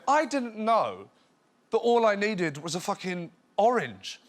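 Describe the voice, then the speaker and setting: A man in his thirties, a comedian guest on a talk show, telling stories in an animated way and shouting out bits. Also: high-pitched, a little slow, noisy background. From England. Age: 30s. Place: TV studio with live audience. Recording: studio with loud audience laughter.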